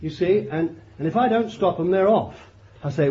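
An older man preaching a fervent sermon, swinging from loud declarations to low murmured asides and breaking in with praise. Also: sing-song, normal speed, a little hiss or hum. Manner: exclaims hallelujah and glory between points. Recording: dull lo-fi archive recording.

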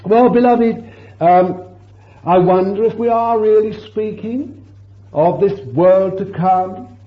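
A man's voice: sits high, takes it slowly. A man preaching a fervent sermon, breaking into exclamations of praise and asking his listeners rhetorical questions. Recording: echoey dull lo-fi sermon recording.

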